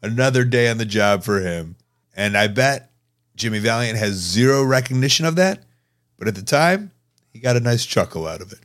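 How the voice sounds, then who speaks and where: A man's voice: medium pitch, expressive, normal speed, fairly bright tone. A man hosting a podcast, chatting casually in a laid-back, wry and teasing way. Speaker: podcast host. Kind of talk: casual chat.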